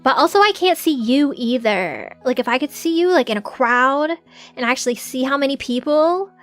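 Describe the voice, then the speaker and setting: A woman's voice: high-pitched, animated, normal speed, fairly bright tone, soft background music. A young adult woman chatting casually to her live-stream audience, giggling often and filling her talk with "like". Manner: chatty, giggly, full of filler "like"s.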